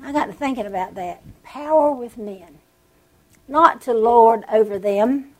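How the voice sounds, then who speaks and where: Woman preaching with lively emphasis. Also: a little high, measured pace, poor audio. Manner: animated storytelling, draws out words for emphasis. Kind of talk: sermon.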